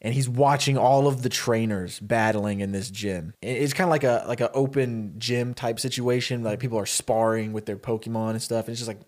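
A man co-hosting a podcast, pitching a story in a loose, casual way. His voice sits mid-range, and he rambles and fills gaps as he goes. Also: brisk, few pauses. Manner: animated, rambling with many "like"s. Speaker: podcast co-host.

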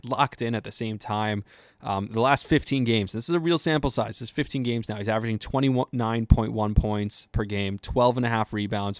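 A man hosting a podcast, telling sports stories in a chatty, excited way with lots of fillers. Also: mid-range voice, no echo, studio quality. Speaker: podcast host. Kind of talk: casual sports talk.

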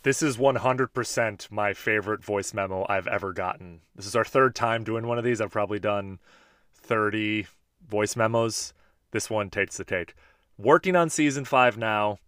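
A man's voice: fairly low pitch, normal speed, fairly bright tone, clean tone, no room sound, clean studio sound. A man in his thirties hosting a podcast, chatting casually and joking while he answers listener voice memos. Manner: laid-back, chatty, joking. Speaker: podcast host.

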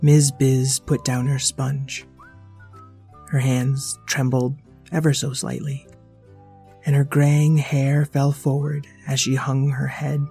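A performer narrating a children's story in a lively, storytelling manner. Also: mid-range voice, slow, soft background music.

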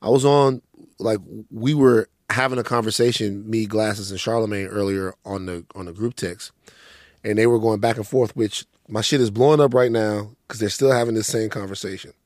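A man's voice: fairly low pitch, fairly even intonation, normal speed, a little mellow, dry recording. Man, podcast co-host, loose joking rambler, swears a lot, dry close mic. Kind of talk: casual podcast chat.

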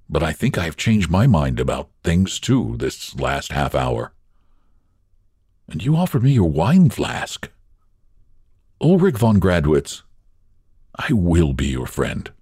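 A man voicing a forest landowner who speaks in a measured, solemn, earnest way. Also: a bass voice, mellow, husky, no echo, clean studio sound, heavily acted. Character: grave male forest landowner making peace.

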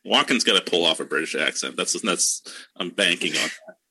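Deep, husky man on a podcast panel. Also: lively intonation, fairly quick, sharp tone. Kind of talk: casual fan-casting chat.

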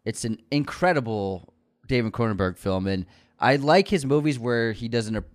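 A man's voice: mid-range voice, normal speed. A man co-hosting a podcast, chatting casually about movies with enthusiasm and frequent restarts. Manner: enthusiastic, repeats words when starting sentences. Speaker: podcast co-host.

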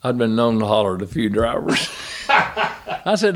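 A man's voice: mid-range voice, a little slow, long pauses. An older man, a former crew chief telling folksy stories in an interview. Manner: folksy, animated yarn-spinning with acted quotes. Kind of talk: storytelling interview.

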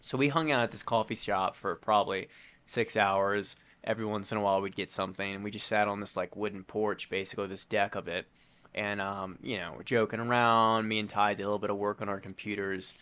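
A man co-hosting a casual podcast chat, telling a story in a relaxed, jokey way. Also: lowish voice, brisk. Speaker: co-host and race crew member.

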